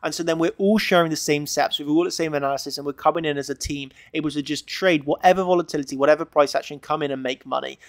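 A man's voice: a little high, fairly even intonation, quick pace, hardly any pauses, no echo. A man giving screen-share chart analysis as a trader, emphatic and repetitive, tagging points with "okay?".

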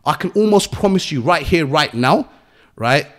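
A young man from England with an English accent speaks on the high side, animated and at normal speed. As an entrepreneur guest in a podcast interview, he talks bluntly with street slang and swearing, lecturing his listeners.

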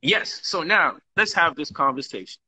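A man with a husky voice recounts an argument, acting out both sides in a streetwise, animated way. His tone is sharp and bright, a little high for a man. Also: moderate pace. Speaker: talk show host. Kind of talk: casual storytelling monologue.

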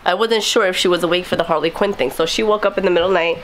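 A young woman vlogger telling a story in a casual, animated way, acting out the quotes. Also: on the low side, very fast, slight background noise.

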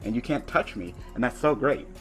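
A man's voice: animated, brisk, a bit bright, faint music behind. A young man giving profane, frustrated commentary on his online card game, cursing at his opponent. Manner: ranting in a high, laughing voice.

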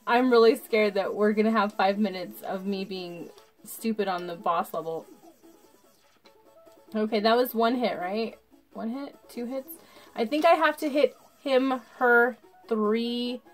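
A drunk woman commentating her gameplay casually, swearing and breaking into excitable outbursts while talking to her viewers. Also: on the high side, measured pace, soft background music. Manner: talks to the viewers. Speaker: gaming channel host.

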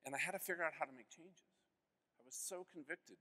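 A man's voice: on the high side, fast talker, pushed and bright. Earnest man telling his story in a hall. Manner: earnest, storytelling, acts out quoted voices. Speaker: conference speaker. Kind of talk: personal testimony talk. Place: conference hall.

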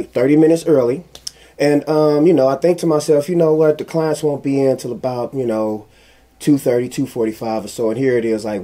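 A man giving casual commentary, telling a personal story in an animated, emphatic way that repeats phrases for emphasis. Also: mid-range voice. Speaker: commentary vlogger.

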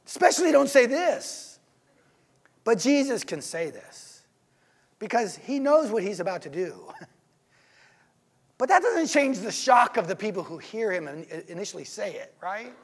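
A man preaching a sermon in church, in a conversational, animated way, often asking his listeners rhetorical questions. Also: high-pitched, measured pace, long pauses, slightly rough.

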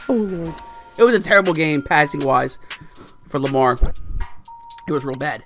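Young male gaming creator, high bright voice, animated play-by-play with faint music behind. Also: normal speed. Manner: animated, exclaiming and groaning over plays. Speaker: gaming YouTuber. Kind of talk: excited game commentary.

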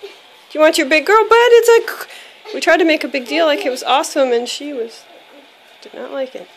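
A woman with a very high voice speaks to her small child in a coaxing, sing-song way, breaking into laughter as she goes. It sounds like a home video shot on a handheld camera in a bedroom. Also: brisk, a crowd in the background. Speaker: mother filming her toddler. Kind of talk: casual home video chat.

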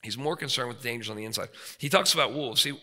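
Talking fast in a sharp-toned, medium-pitched voice, a man in his forties preaches emphatically in a seminary chapel with hall reverberation. He repeatedly checks in with his audience through rhetorical prompts.

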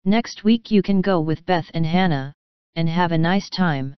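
A woman reading as a soothing, gentle older sister. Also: lowish voice, unhurried, smooth, dry recording, highs cut off, lightly acted. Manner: soothing, reasoning.

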